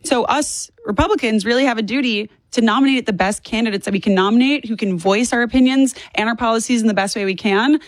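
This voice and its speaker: A woman's voice: on the high side, fast, few pauses, no room sound. A woman in her twenties speaking as a political guest in an interview, emphatic and repeating herself for stress. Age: 20s. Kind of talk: opinionated interview talk.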